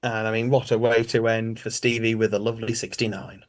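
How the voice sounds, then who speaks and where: A man's voice: lowish voice, level tone, brisk. A man hosting an online quiz show over a video call, chatty and teasing.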